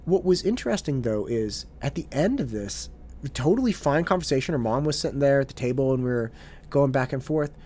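A man's voice: mid-range voice, lively intonation, fairly quick, darkish tone. A man who works as a tutor, telling a story in an earnest monologue and often repeating his words as he goes.

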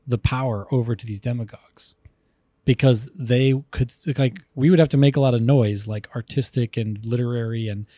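A man co-hosting a casual comedy podcast, animated and jokey, often talking over his partner. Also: medium pitch, normal speed, no echo, clean studio sound. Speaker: podcast co-host.

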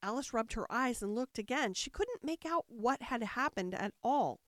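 A woman narrating a storybook aloud in an expressive way, switching into voices for the characters. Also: a little high, moderate pace, few pauses, no echo, clean studio sound. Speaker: audiobook narrator. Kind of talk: storybook reading.

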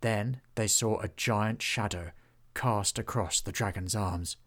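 Gravelly male storybook narrator. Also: on the low side, a bit bright. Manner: measured, storytelling cadence. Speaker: author and narrator.

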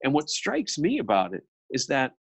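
A middle-aged man talks casually on a film podcast, restarting often and slipping into quoted asides. His voice sits at a medium pitch and is recorded close and dry, with no room sound. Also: huge pitch swings, normal speed, vocal fry, slightly rough, no echo. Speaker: podcast co-host.

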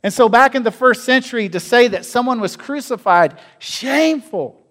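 High-voiced preaching man. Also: expressive, moderate pace. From North America. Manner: asks the congregation questions, varies loudness widely. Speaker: pastor. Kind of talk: sermon.

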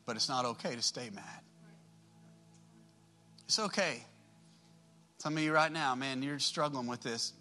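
A man preaching a sermon to a live congregation in a church. He talks to them directly and conversationally, swinging from loud emphatic outbursts to quiet soft asides. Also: medium pitch, unhurried, pauses often, faint music behind. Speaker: pastor.

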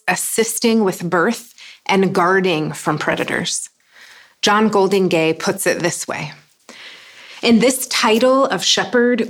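A woman preaches at an unhurried pace, letting each line settle before moving on. Her delivery is earnest and measured, with a voice of middling pitch. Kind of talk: sermon.

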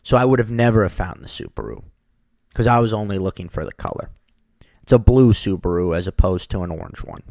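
A man casually telling a personal story, lively, acting out the people in it. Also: sits low, a little fast, gravelly, dry recording. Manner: animated, acts out the people in his story.

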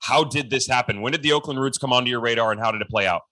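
A man hosting a sports podcast, with a bright, forceful voice. He delivers a loud, energetic hype-man introduction and keeps a casual, joking tone. His pitch sits in a middle range for a man. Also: racing. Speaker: podcast host. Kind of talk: hyped-up casual interview.

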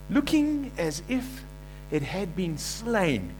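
A man preaches with a fairly high voice, swinging from loud acted-out quotes to low, quiet emphasis. He calls on his listeners to repeat lines with him. A faint electrical hum sits under the recording. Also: normal speed. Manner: animated preaching, acts out quoted voices, asks congregation to repeat. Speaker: pastor. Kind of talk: sermon.

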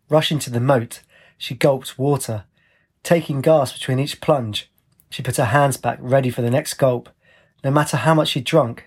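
A man reading a fantasy audiobook in a measured, descriptive way. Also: mid-range voice, darkish tone, slightly rough. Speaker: narrator. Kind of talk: audiobook narration.

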